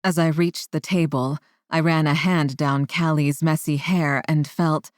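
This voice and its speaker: A woman narrating a romance audiobook in a low, unhurried voice. Her reading is measured and steady. The recording is dry and close, with no room sound. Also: dry recording. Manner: measured, voices characters with higher pitch. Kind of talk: scripted first-person narration.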